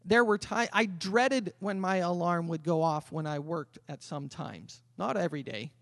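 A man preaching a sermon as pastor, swinging from loud emphatic calls to quiet conversational asides. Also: high voice, normal speed, creaky, no room sound, clean studio sound. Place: church sanctuary.

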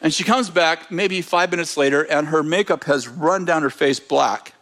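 A man, a preacher, telling a testimony story in an animated way, with frequent restarts and fillers. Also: a little high, moderate pace.

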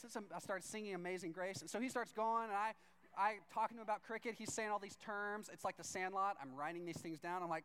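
A man's voice: high-pitched, fairly even intonation, fairly quick, sharp tone, a little hiss or hum. A man preaching a sermon through a chatty personal story, acting out both sides of each conversation and leaning on "like" as he talks. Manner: chatty, leans on "like" as filler.

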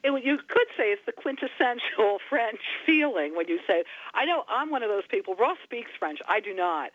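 A woman's voice: a little high, sing-song, moderate pace, no echo. A woman guest chatting playfully about words, laughing as she talks. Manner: playful, laughs while talking. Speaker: co-author guest. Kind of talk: casual chat. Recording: tinny phone line.

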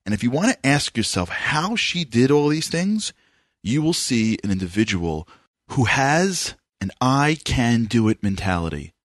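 Animated New York male radio host. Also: mid-range voice, measured pace, no echo, clean studio sound. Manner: animated, emphatic, enthusiastic delivery. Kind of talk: energetic radio interview.

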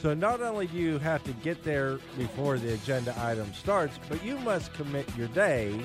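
A man's voice: on the high side, big pitch swings, moderate pace, music in the background. A man appearing as a guest on a talk radio show, speaking emphatically and indignantly, with frequent restarts.

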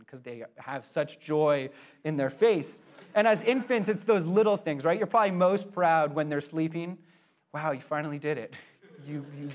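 A young man preaching to his congregation in a somewhat high voice. He talks earnestly and conversationally, rising into emphatic swells. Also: darkish tone. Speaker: pastor. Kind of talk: sermon.

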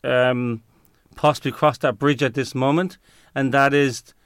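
Smooth-voiced man groping for words. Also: medium pitch, fairly even intonation, measured pace, no echo, studio quality. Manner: searches for words, frequent fillers and restarts. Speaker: interview guest. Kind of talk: conversational interview answer.

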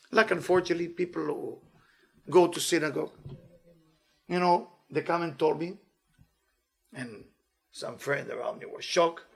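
A man giving a weekly inspirational Torah talk as a teacher, animated and playful, in non-native English phrasing. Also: high-pitched, vocal fry, slightly rough.

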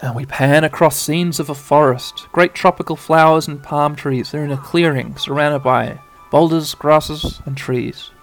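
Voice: medium pitch, steady tone, a little slow, few pauses, soft background music. A podcast narrator retelling a game's cutscenes as a bedtime story, rambling with playful asides.

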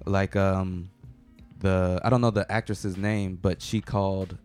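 A man's voice: deep voice, little pitch movement, a little slow, darkish tone, clean tone, soft background music. A man hosting a casual chat, easygoing and telling stories. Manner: easygoing, storytelling.

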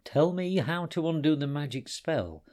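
A man voicing a calm, brave male ninja who speaks in a firm, measured way. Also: a little high, voice pushed up, lightly acted.

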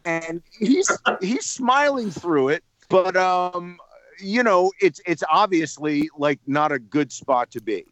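A man from New Jersey, a radio personality calling in to tell a lively anecdote, repeating words as he builds up the story. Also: high voice, takes it slowly, dry recording.

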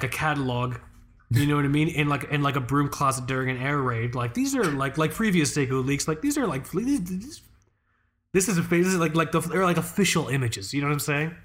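A man's voice: a little high, a bit bright. A man co-hosting a podcast in casual chat, rambling and profane, full of fillers and restarts. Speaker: podcast co-host.

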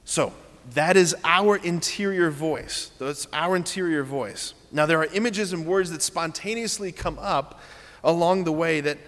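A man's voice: a little high, fairly bright tone, in a large hall. A man preaching a sermon, earnest and repeating key phrases as he leads the congregation through simple exercises.

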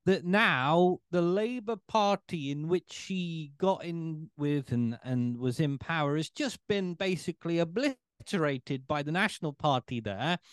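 A man's voice: on the high side, expressive, measured pace, hardly any pauses, clear, resonant tone, no echo, studio quality. A man hosting a casual podcast chat, opinionated and sarcastic. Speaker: podcast host.

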